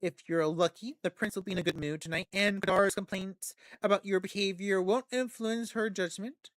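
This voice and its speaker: A poised female vampire patron who speaks in a measured, coolly confident way, offering her terms calmly, as a game streamer reads her lines aloud. The voice stays in a middle register. The sound is dry and close, with no room echo. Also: medium pitch, close to an everyday voice. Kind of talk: reading game dialogue aloud.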